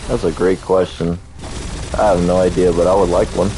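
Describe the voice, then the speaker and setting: A man with a very low voice talks through a video game in casual chat. He stays calm and laid-back and teases gently. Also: normal speed, noisy background. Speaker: gaming channel co-host. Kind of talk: casual let's-play chat.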